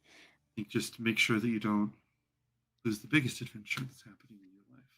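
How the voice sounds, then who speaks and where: Man playing a gentle fatherly companion. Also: on the low side, steady tone, a little fast, background noise, lightly acted. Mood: earnest. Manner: warm and earnest, fatherly advice. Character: gentle, caring older male companion giving advice.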